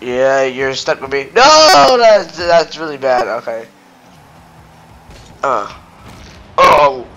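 A man's voice: mid-range voice, takes it slowly, long pauses, a bit bright. A man giving casual gameplay commentary, giggling and playing up mock anger with lots of rambling filler sounds. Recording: dull lo-fi mic with faint noise.

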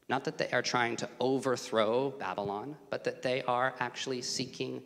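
A man preaching a sermon in a church sanctuary, his voice carrying a long hall reverb. He is animated, climbing to raised, emphatic passages and then dropping to hushed asides. His pitch sits mid-range for a man. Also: normal speed, vocal fry. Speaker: guest preacher, student ministry director.

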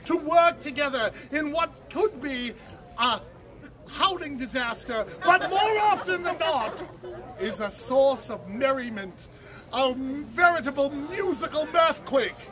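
High-voiced boisterous faire showman. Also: lively intonation, a little slow. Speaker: faire magician and emcee. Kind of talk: theatrical stage patter. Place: outdoor faire stage. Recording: outdoor live stage, loud crowd and noise.

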